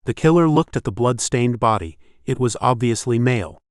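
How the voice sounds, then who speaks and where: A man reading an audiobook in scripted narration, steady and measured. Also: medium pitch, dry recording, studio quality.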